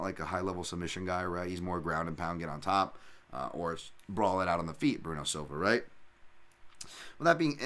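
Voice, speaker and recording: A man's voice: on the low side, fairly bright tone. A man hosting a podcast, talking through fights in a casual, rambling way, often restarting sentences and adding asides. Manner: rambling, self-correcting, lots of fillers and asides. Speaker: podcast host and fight analyst.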